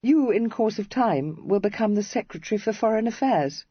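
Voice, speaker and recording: Brief: a narrator doing a bright, teasing young Regency lady for an audiobook, pitched up high, lively lilt, slightly husky, dull dry sound. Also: dry recording. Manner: playful, teasing, quick-witted. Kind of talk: audiobook character reading.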